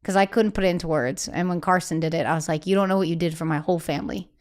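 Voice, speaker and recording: A woman singer talking candidly as a guest in a casual interview, chatty and animated, acting out the voices of people she quotes and filling her speech with "like". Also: on the low side, racing.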